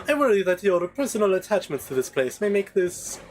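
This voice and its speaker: A man voicing a fussy, pompous male servant who flatters his queen. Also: high-pitched, brisk, slight background noise, voice pushed up. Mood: obsequious. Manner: pompous, obsequious.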